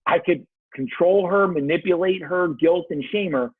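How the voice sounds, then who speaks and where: A man with a husky voice tells reflective stories and acts out the voices he quotes. His voice sits a little high. The sound is dry and thin, like a phone line. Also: normal speed, no echo. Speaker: guest, leadership coach. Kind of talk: casual podcast conversation.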